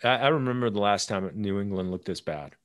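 A man's voice: fairly low pitch, fairly bright tone, no echo, studio quality. A man co-hosting a casual sports talk show, easygoing and chatty about football and fantasy teams. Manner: easygoing, quick to laugh along. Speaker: podcast co-host, fantasy football player.

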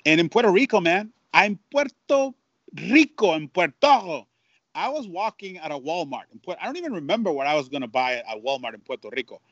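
Animated man, dry and lo-fi. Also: fairly high pitch, brisk, no echo. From Mexico. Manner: animated storyteller, many restarts and repeats. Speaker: Spanish-language baseball broadcaster. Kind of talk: casual storytelling interview. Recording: dull lo-fi dry sound.

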